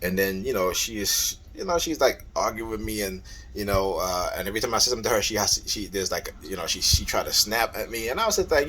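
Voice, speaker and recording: A man's voice: on the low side, lively intonation, quick pace, sharp tone, breathy edge. A man talking casually on his vlog, rambling and repeating himself as he recounts an argument, his voice rising and heating up when he quotes it. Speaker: vlogger.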